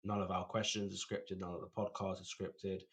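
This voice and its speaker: Low-voiced man, chatty co-host who stumbles and repeats himself. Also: little pitch movement, a little fast. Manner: rambling, repeats words, laughs often. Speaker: podcast co-host. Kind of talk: casual chat.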